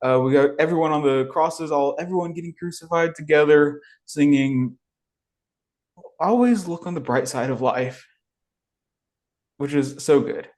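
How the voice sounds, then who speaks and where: A man's voice: fairly high pitch, a little slow, pauses often, darkish tone. A man co-hosting a podcast, talking through a film in a thoughtful, searching way. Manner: thoughtful, searching, with many fillers and restarts. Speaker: podcast co-host. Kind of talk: casual film review chat.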